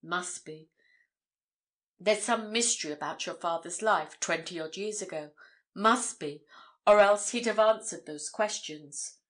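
A woman's voice: mid-range voice, measured pace, lightly acted. A woman reading the part of a blunt, eager young male journalist, hearty and emphatic in his protests. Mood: earnest.

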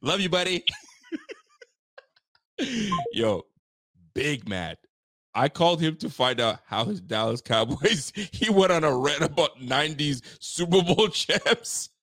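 A man's voice: on the high side, expressive, takes it slowly, long pauses, a bit bright, no room sound, clean studio sound. A man hosting a casual sports talk show, teasing and often laughing. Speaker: podcast host.

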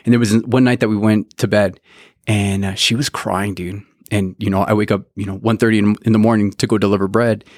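A man's voice: on the low side, fairly even intonation, a little fast, a little mellow, no echo. Casual storytelling man, dry close sound. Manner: storytelling, peppers talk with "dude". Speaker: podcast host. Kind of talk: casual faith podcast chat.

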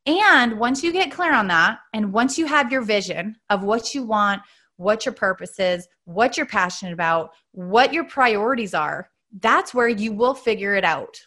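A woman's voice: medium pitch, animated, moderate pace, pushed and bright. A woman in her thirties hosting a podcast, talking in an earnest, chatty motivational monologue and laughing often. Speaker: podcast host.

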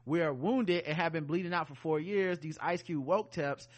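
A man's voice: fairly high pitch, moderate pace. A man co-hosting a podcast, reading listener emails aloud with joking asides. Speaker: podcast co-host. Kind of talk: casual podcast chat reading listener mail.

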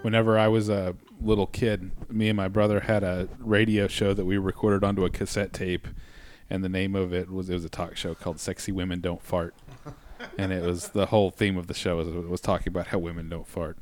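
A man's voice: low-pitched, flat delivery, a little fast, darkish tone. A man co-hosting a comedy podcast, joking around and asking short, laid-back questions. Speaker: podcast co-host. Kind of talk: casual podcast chat.

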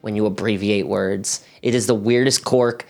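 A man's voice: fairly low pitch, steady tone, normal speed, vocal fry, darkish tone. A man co-hosting a podcast, trading wry, profane quips in casual banter. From Maryland. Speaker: podcast co-host.

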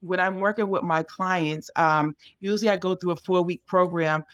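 A woman's voice: on the low side, fairly even intonation, normal speed, no room sound, dull audio. A woman dog trainer giving casual advice in a conversation, explaining in a chatty way full of fillers like um and you know.

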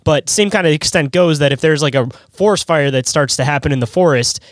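Fast-talking young podcast host, man. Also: on the high side, no room sound. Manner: rapid, thoughtful, full of "like" and "kinda". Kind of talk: casual conversation.

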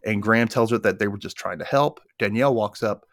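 A man's voice: fairly low pitch, fast, no echo, clean studio sound. A man co-hosting a podcast, casually recapping a TV episode scene by scene. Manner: animated retelling, briefly voicing characters' lines. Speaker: podcast co-host.

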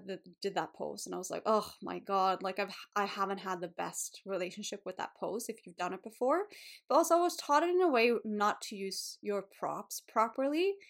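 Candid woman yoga teacher podcasting. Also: mid-range voice. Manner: candid, emotional, swears casually. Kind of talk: casual solo podcast talk.

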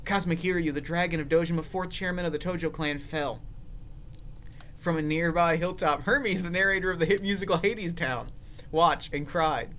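High, bright-voiced playful man. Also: normal speed, slight background noise. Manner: playful, theatrical, mock-dramatic reading. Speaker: podcast host. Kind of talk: comedic podcast, reading a listener story.

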